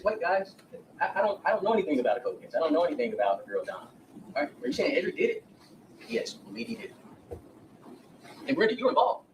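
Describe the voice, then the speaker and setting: A man's voice: a little high, recorded from a distance, slight background noise, poor audio. A man giving a defense opening statement to a jury in a courtroom, speaking straight to the jurors and acting out what witnesses said. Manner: addresses jurors directly, acts out witness quotes. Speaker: defense attorney.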